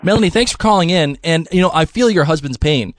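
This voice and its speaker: A man's voice: fairly high pitch, lively intonation, quick pace, dry recording, clean studio sound. A young man hosting a podcast, rambling casually with frequent laughter and restarts. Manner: giggly, rambling, many restarts. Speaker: podcast host.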